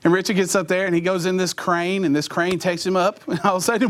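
A middle-aged man speaking to teenagers in a youth sermon. His voice sits fairly high, and he tells stories with energy, acting out sound effects and quoting his friends in their voices. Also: fast. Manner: animated storytelling with voiced sound effects and impressions.

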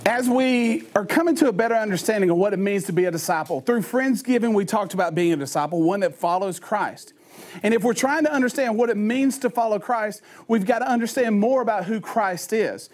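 High-voiced folksy male preacher. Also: brisk, a little mellow. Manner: folksy storytelling, conversational. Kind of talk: sermon.

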